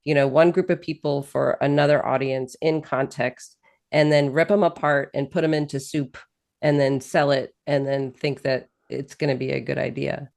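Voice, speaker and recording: A woman's voice: a bass voice, flat delivery, normal speed, creaky, darkish tone. A woman hosting an interview, talking candidly and bluntly in casual conversation. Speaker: host.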